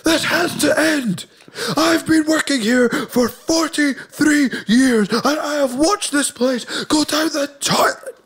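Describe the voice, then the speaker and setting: A man voicing an old male factory worker who rants slowly about how things have gone downhill. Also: extremely high pitch, a bit bright, pitched above the performer's own voice, exaggerated voice. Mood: exasperated. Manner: raised, slow, pleading rant.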